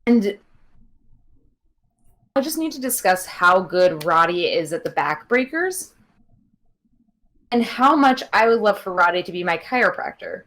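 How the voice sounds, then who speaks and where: A woman's voice: mid-range voice, big pitch swings, unhurried, long pauses, fairly bright tone. A young woman co-hosting a podcast, chatting casually about a wrestling match with many fillers and laughs. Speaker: podcast co-host. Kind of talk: casual wrestling recap chat.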